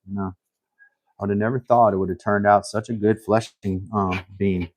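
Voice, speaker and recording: A man hosting a casual live stream, thinking aloud while he works, humble and a little halting, with frequent restarts. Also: fairly low pitch, steady tone, dry recording.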